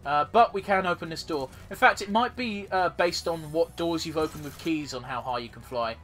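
A man's voice: fairly high pitch, moderate pace, fairly bright tone, faint music behind. A man casually commentating his own gameplay as a let's play host, rambling and swearing freely.

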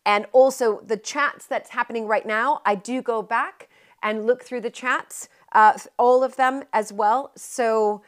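An American woman talking to viewers on a casual live stream from a historic country house, chatty and warm with fillers and self-corrections. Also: a little high, fairly even intonation, measured pace. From United States. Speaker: live-streaming heritage vlogger. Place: historic manor house in rural southwest England.

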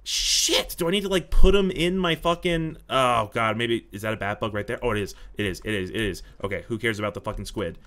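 A young man giving casual gameplay commentary, talking to himself, excitable and swearing often. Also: on the low side, a little fast, hardly any pauses. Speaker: gaming YouTuber.

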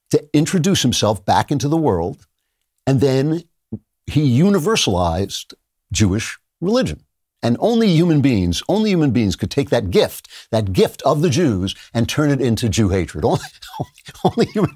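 A man's voice: medium pitch, a little mellow, no room sound, clean studio sound. An older man hosting a show, delivering an emphatic opinion monologue in a lecturing manner. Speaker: show host.

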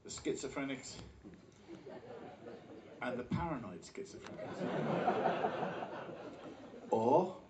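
A man's voice: medium pitch, animated, takes it slowly, pauses often, very noisy. A man doing live stage comedy patter between songs, with a dry, wry delivery. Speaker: comic musician. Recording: roomy live stage sound from far off.

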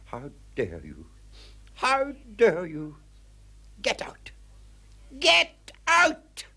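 Man doing a snooty Belfast lady, shrill, scolding, wildly swooping pitch, comic sketch. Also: very animated, moderate pace, breathy edge. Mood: indignant. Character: snooty middle-aged well-off woman employer, suspicious and indignant.

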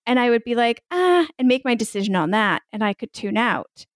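A woman joins a podcast chat as a guest, speaking animatedly. Her pitch swings widely and expressively. The sound is dry. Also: big pitch swings, a little fast, no room sound. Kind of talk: casual chat.

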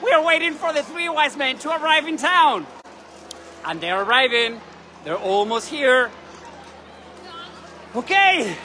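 This travel vlogger, a man with a very high voice, talks at normal speed while narrating a live vlog from a city balcony outdoors over a parade route. He's excitable, gushing and chatty, and the recording is loud with crowd and street noise, cheers and church bells.

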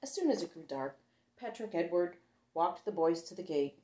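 A woman reading a children's picture book aloud, with a friendly sign-off for her young listeners. Her voice sits a little on the low side. The recording has a noticeable roomy echo. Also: lively intonation, moderate pace, warm tone. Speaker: children's storytime reader.

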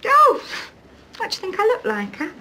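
A prim middle-aged woman putting on airs, her voice high and bright with wide, sing-song swoops. She chatters in a coaxing, bossy way, polishing her vowels, and faint noise sits under the film sound. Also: wildly swooping pitch, normal speed, full character voice. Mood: indignant. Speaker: employer. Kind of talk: 1980s film drama acting.

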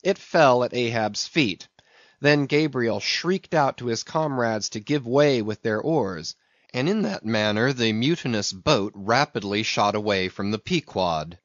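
A man narrating an audiobook in a measured, steady reading voice. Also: mid-range voice, no echo. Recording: dull, dry recording.

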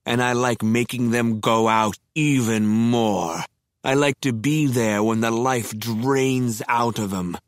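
A male narrator voicing a sadistic killer who gloats calmly, grinning, in an audiobook. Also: medium pitch, no room sound, clean studio sound, close to an everyday voice. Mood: gloating. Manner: slow, relishing, grinning. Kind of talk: audiobook character voice.

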